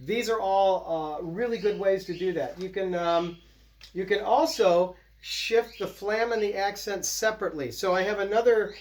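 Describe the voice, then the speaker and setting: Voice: medium pitch, moderate pace. A drum teacher giving a casual, explanatory lesson and counting out patterns while playing. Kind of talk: casual instructional demo. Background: loud snare drumming.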